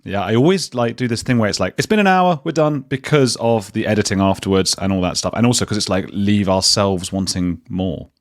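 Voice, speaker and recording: A deep-voiced British man chats as a guest over a video call, lively and self-mocking, tripping over his words and restarting them. The sound is dry and close, with no room around it. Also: fairly quick, few pauses, dry recording. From Britain. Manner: animated, self-deprecating, restarts often. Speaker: guest, journalist and podcaster. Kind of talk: casual interview conversation.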